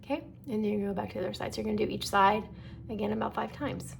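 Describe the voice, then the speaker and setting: A middle-aged woman, an esthetician, calmly walking viewers through a skincare demonstration and checking in often. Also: mid-range voice, quick pace, creaky, slight background noise. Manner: calm instructive, checks in with "okay?".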